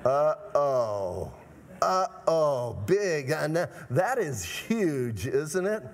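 Emphatic preacher in a reverberant hall. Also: male voice, a little high, big pitch swings, takes it slowly, darkish tone, slight background noise. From Arizona, USA. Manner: emphatic, repeatedly urging "listen". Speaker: pastor. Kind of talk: sermon.

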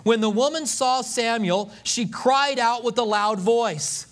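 Male pastor, high-pitched, animated sermon storyteller with comic asides. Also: unhurried. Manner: animated storytelling, acting out scripture voices with humor.

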